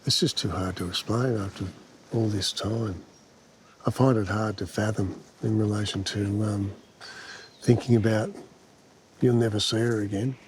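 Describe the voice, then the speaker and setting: A man speaking haltingly in an interview, choked up and searching for words. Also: lowish voice, steady tone, noisy background. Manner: halting and choked up, many fillers. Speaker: interviewee, victim's brother. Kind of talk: emotional interview.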